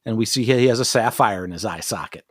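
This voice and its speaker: A man's voice: lowish voice, quick pace, fairly bright tone, dry recording, studio quality. A man co-hosting a podcast, recapping an episode in casual, profane chat, laughing often and mimicking characters. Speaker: podcast co-host.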